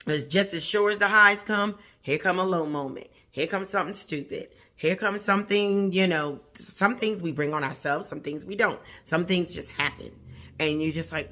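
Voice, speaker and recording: A woman's voice: on the low side, moderate pace, fairly bright tone. A woman who hosts a plant channel, talking casually and encouragingly to her viewers, repeating phrases for emphasis and chuckling often. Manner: chuckles often mid-sentence. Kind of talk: casual motivational talk to viewers.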